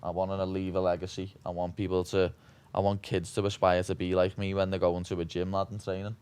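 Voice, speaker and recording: A man's voice: low voice, monotone, brisk, darkish tone, smooth. A young man with a Scouse accent being interviewed, blunt and brash, swearing freely and calling everyone "lad". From Liverpool, England. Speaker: interview guest, fighter. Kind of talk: casual interview chat.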